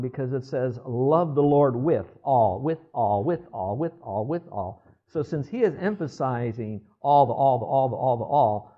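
Older male pastor in his sixties, mid-pitched, chatty sermon delivery that keeps checking in with the pews, muffled lo-fi recording. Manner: conversational, quizzes the congregation. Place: church service.

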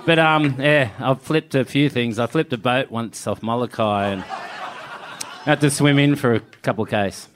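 A man's voice: mid-range voice, normal speed, background noise. A middle-aged man, a guest at a live Q&A, telling rambling stories casually and laughing often. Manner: laughing, rambling, filler-heavy. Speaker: panel guest.

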